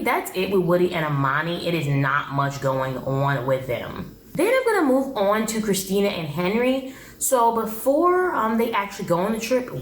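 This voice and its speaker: Brief: young woman, lowish voice, blunt opinionated recap host, echoey room with faint hum. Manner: blunt, opinionated, exasperated commentary. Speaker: TV show reviewer. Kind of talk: casual recap vlog.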